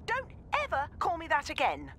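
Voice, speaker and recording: Curt wry housemate, bright voice, faint rumble. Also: female voice, huge pitch swings, moderate pace, full character voice.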